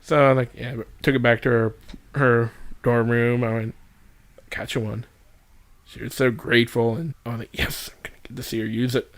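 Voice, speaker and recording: A man's voice: mid-range voice, little pitch movement, normal speed, fairly bright tone. Man telling a candid story on a podcast. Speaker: podcast host. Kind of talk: casual chat.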